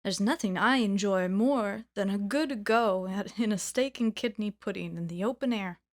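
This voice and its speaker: A woman reading the lines of a polite, refined gentleman koala in a storybook reading. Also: medium pitch, normal speed, lightly acted.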